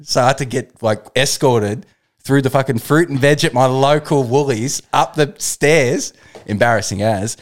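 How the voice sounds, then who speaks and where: A young Australian man co-hosting a podcast, telling stories in a relaxed way, swearing freely and laughing often. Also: mid-range voice, normal speed. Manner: laid-back storytelling, swears a lot, laughs often. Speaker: podcast co-host. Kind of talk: casual chat.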